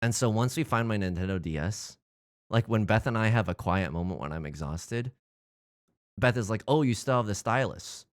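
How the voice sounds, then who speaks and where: A young man chatting casually on a live stream while gaming, animated and rambling, swinging between mumbles and loud squeals. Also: on the low side, moderate pace.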